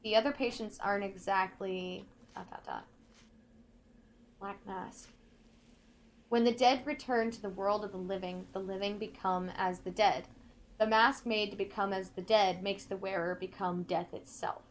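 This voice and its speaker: A woman playing a video game, reading in-game notes aloud slowly and carefully, breaking off now and then to comment. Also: medium pitch, steady tone, a little hiss or hum. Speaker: let's play gamer.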